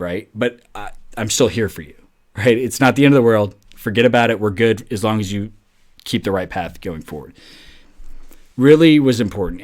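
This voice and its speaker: A middle-aged man hosting a podcast, telling a story in a loose, chatty way, peppering his talk with "like" and "right?". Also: fairly low pitch. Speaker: podcast host. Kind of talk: casual storytelling monologue.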